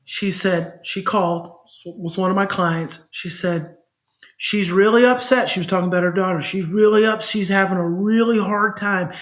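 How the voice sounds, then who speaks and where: Speaking at normal speed in a high-pitched voice, a middle-aged man who works as a child behavior specialist shares stories on a podcast. His conversational telling is animated, and he performs the voices of the parents he quotes.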